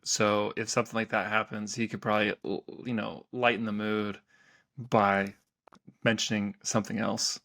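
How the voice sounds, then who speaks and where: A man co-hosting a podcast, telling workplace stories in a relaxed, chatty way. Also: fairly low pitch, normal speed, gravelly. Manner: chatty storyteller, playful quoted voices. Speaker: podcast co-host. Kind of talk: casual chat.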